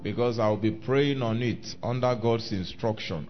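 A man's voice: medium pitch, a little slow, few pauses. A man preaching a sermon, repeating phrases for emphasis and asking the congregation questions. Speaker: pastor. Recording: dull lo-fi recording with faint music.

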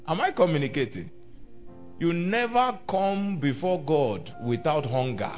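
Slow, animated male preacher. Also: a little high. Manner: preaching with call-and-response questions to the congregation; emphatic, repeating phrases for emphasis. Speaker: pastor. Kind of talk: sermon. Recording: dull lo-fi recording with faint music.

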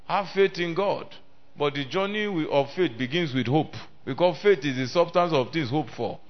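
Male preacher, fairly high voice, declaims loudly and then drops low, draws call-and-response from the congregation, muffled lo-fi recording. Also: sing-song, moderate pace. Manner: emphatic, swings between loud declaiming and low talk. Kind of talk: sermon. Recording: dull lo-fi sermon recording.

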